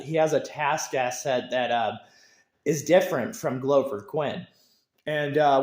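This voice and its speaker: A man with a slightly raised voice rants about football, emphatic and rambling, restarting his sentences often. He sounds like he is talking to camera in a reverberant room. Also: on the high side. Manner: emphatic, repetitive, stumbling restarts. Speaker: football fan vlogger. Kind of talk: rambling sports rant to camera.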